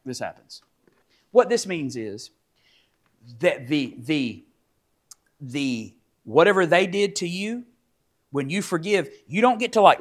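Animated preacher man in his forties. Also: a little high. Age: 40s. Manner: animated, emphatic, acts out quotes. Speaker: pastor. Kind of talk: sermon.

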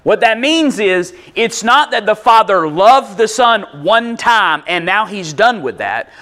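Pastor guy preaching, high voice, talks right at the crowd, real conversational. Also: expressive, a little slow, sharp tone. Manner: conversational preaching, direct address to the congregation. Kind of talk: sermon.

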